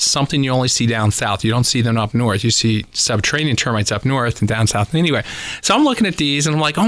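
A man's voice: mid-range voice, dry recording. A man speaking as a guest expert on a radio talk show, telling stories with lots of "uh" fillers. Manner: animated storyteller, many "uh" fillers. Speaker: pest control guest expert.

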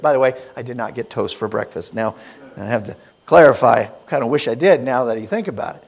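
Male pastor, high voice, Sunday sermon, questions to the pews, slow stressed scripture reading. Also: very animated. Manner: preaching with rising emphasis and rhetorical questions.

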